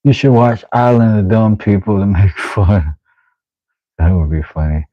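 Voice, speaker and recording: A man's voice: unhurried, dry recording, dull audio. A middle-aged man hosting a casual woodworking livestream, chatting playfully while he sharpens a blade. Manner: playful, drifts into silly high sing-song voices. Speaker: woodworking channel host.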